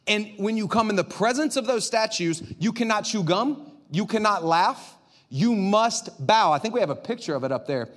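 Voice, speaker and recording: A male pastor preaching a sermon in an animated, conversational way, swinging from loud to quiet. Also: high-pitched, normal speed.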